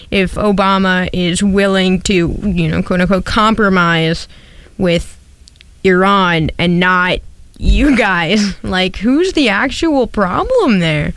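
Woman radio co-host, sarcastic and emphatic, smooth clear voice, dry sound. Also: medium pitch, takes it slowly, a bit bright, no echo. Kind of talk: casual political debate.

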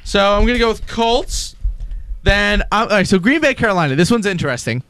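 Lively high-voiced young man, chatty. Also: brisk, clear, resonant tone. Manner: talkative, animated, laughs often. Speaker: co-host of a college radio football picks show. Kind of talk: casual sports banter. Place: radio studio booth.

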